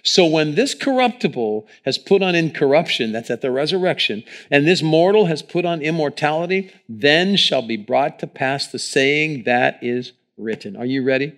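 A man preaching a sermon in church, talking into a microphone and swinging between hushed lines and loud ones. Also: a little high, lively intonation, moderate pace, few pauses. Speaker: pastor.

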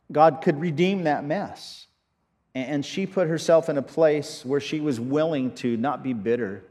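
A man preaching a sermon as pastor, earnest and halting, often restarting his sentences. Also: mid-range voice, a little mellow, in a large hall.

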